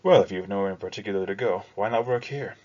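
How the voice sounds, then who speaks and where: Man playing a jovial money-changer, cheeky banter, deep voice, dull lo-fi sound. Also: quick pace, darkish tone, close to an everyday voice. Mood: flirtatious. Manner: breezy, indelicate banter. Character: cheerful flirtatious male money-changer.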